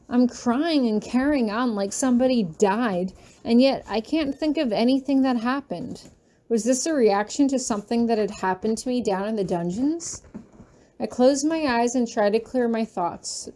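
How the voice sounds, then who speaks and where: Mellow-voiced woman reading fanfiction aloud. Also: fairly high pitch. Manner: emotional, earnest storytelling. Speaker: fanfiction reader. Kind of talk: first-person audiobook narration.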